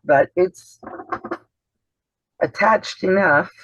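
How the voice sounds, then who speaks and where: Speaking very slowly, a sewing channel host has a high-pitched, somewhat bright voice with a breathy edge and no echo. He gives a casual, chatty demonstration over a video call with dull, dry audio, explaining as he goes and often leaving sentences unfinished.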